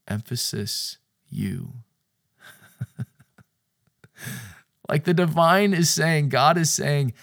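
A man giving a sermon-style podcast talk, stressing his points by repeating phrases and moving from hushed near-whispers to loud bursts. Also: mid-range voice, animated, takes it slowly, creaky, pauses often.

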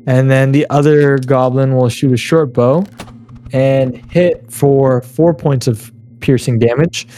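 A man's voice: mid-range voice, steady tone, mellow, a little hiss or hum. A man runs a tabletop game, describing the scene in an everyday mid-range voice. His narration wanders and stalls on fillers and restarts as he works things out on the fly. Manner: loose, halting narration with many fillers. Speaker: game master.

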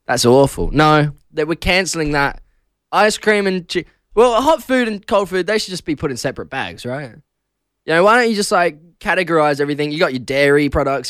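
A man's voice: on the high side, no echo, clean studio sound. A young Australian man hosting casual breakfast radio, chatting and telling stories with frequent laughs. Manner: chatty, laughs often, animated storytelling. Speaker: radio host. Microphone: studio broadcast mic.

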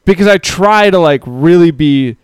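A man's voice: on the high side, lively intonation, moderate pace, smooth, no room sound. A man in his thirties co-hosting a casual chat show, candid and self-reflective, laughing often as he reads comments. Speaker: podcast co-host.

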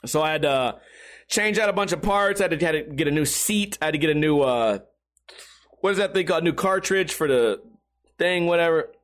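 A man's voice: on the high side, brisk, a bit bright. A man hosting a podcast, telling a rambling, profane, self-mocking comic story while a bit tipsy. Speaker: podcast host. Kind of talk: casual comedic storytelling.

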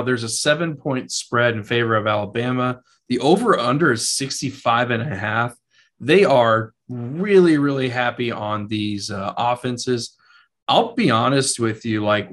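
A man's voice: mid-range voice, fairly bright tone. A man co-hosting a casual podcast, chatting about football and tasting whiskey in a laid-back, loose way with plenty of fillers. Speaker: podcast co-host.

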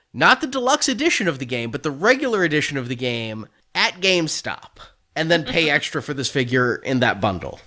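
A man's voice: fairly high pitch, fairly bright tone. A man hosting a casual chat about toy figures, chatty and joking, laughing often. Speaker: toy collecting podcast host.

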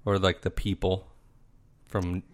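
A man in casual chat, telling stories with deadpan jokes. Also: low-pitched, slow pace.

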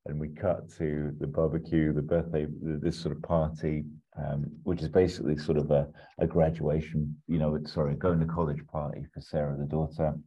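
A man chatting casually as a podcast co-host, rambling through a pitch with lots of fillers and chuckles. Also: flat delivery, moderate pace, few pauses, mellow, slightly rough. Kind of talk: casual chat. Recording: slightly muffled recording.

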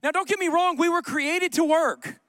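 Speaking at a normal speed in a very high, pushed and bright voice, a pastor preaches to a congregation in the sanctuary. His sermon is conversational, sprinkled with joking asides and repeated lines, recorded in studio quality without echo.

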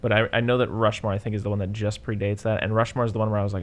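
A man's voice: fairly low pitch, racing, few pauses, fairly bright tone. A man co-hosting a podcast in casual chat, laid-back, swearing freely and acting out lines he quotes. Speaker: podcast co-host.

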